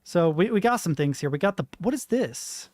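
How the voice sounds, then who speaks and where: American man in his thirties, let's play commentary, rambling, slightly high voice, dry sound. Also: lively intonation, moderate pace, darkish tone, no echo. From United States. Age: 30s. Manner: rambling, chatty, frank. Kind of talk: casual gameplay commentary.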